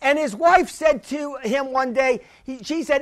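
A man with a very high voice delivers a fervent sermon. He repeats key phrases and calls out to the congregation for a response. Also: a little slow, few pauses, fairly bright tone. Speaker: preacher.

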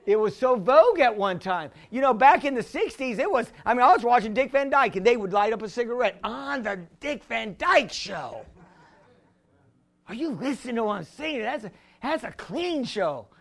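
A man preaching a sermon as pastor, repeating himself, chuckling through anecdotes and building to shouts. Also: extremely high pitch, big pitch swings, moderate pace, gravelly. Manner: repetitive, rising to shouts at the congregation; conversational, tells anecdotes with chuckles.

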